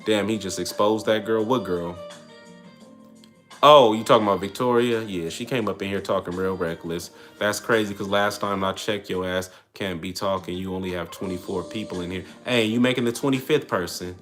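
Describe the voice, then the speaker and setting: Over soft background music, a livestream host with a lowish voice gives blunt relationship advice at a brisk clip while answering viewers. His manner is streetwise and animated, almost preaching to the chat in a casual way.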